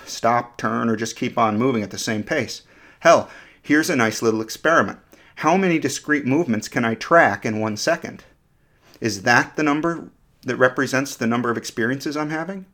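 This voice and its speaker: A man reads a scripted podcast episode in a thoughtful, measured way. He talks straight to the listener and keeps asking them questions. His pitch sits in the middle of the usual range for a man. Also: a bit bright. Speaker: podcast host. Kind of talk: scripted explanatory narration.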